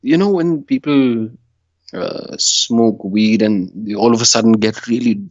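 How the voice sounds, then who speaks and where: A man's voice: lowish voice, measured pace, dry recording, lo-fi sound. A man from India, a podcast guest, telling a story in casual chat and acting out his own panic. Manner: animated, acts out his panicked past self with laughs.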